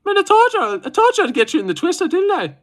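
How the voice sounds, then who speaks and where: A man's voice: very high voice, wildly swooping pitch, fast talker, voice pushed up, exaggerated voice. A man putting on a Scottish accent to voice a boastful man gloating over a grappler. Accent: put-on Scottish.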